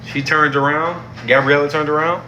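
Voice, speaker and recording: A man's voice: a little high, steady tone, moderate pace, sharp tone, lo-fi sound, a little hiss or hum. A young man giving a casual, heated review of a TV show, slangy and exasperated, repeating himself for emphasis.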